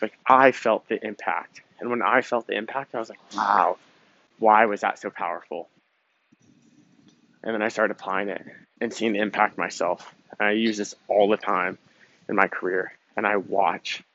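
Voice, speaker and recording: A man's voice: on the low side, fairly bright tone, dry recording. A young man hosting a podcast, talking in a casual, emphatic, motivational way with some swearing. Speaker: podcast host. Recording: dull lo-fi sound with faint noise.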